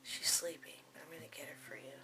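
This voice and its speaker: A woman's voice: deep voice, fast, whispered, over music. A young adult woman vlogging, telling a personal story to camera in a candid, casual way with plenty of fillers. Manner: candid, frequent fillers and asides.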